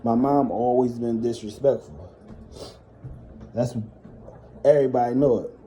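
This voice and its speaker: A man's voice: medium pitch, measured pace, warm tone, slight background noise. A man telling personal stories in a casual monologue, blunt and heavily profane as he vents. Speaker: storyteller.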